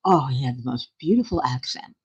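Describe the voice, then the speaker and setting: A woman's voice: extremely low pitch, animated, fairly quick, a little mellow, dull audio, a little hiss or hum. A woman hosting her own channel, chatting casually with viewers, laughing often in a playful way. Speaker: channel host.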